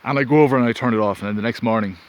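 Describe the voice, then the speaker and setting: Outdoors and recorded on a phone, a male vlogger tells a rambling personal story very fast, interrupting himself as he goes. His pitch is medium, and faint wind and ambience can be heard.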